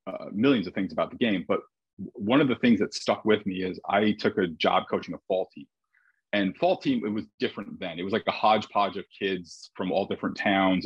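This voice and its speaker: Husky low-voiced baseball coach. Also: male voice, no room sound, dull audio. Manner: reflective storyteller with frequent restarts. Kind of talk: casual conversation.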